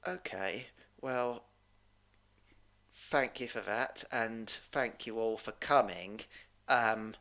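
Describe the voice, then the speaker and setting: Male English tutor, low voice, formal and patient explainer on a video call. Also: bright, forceful tone. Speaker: English teacher. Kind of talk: online Q&A session.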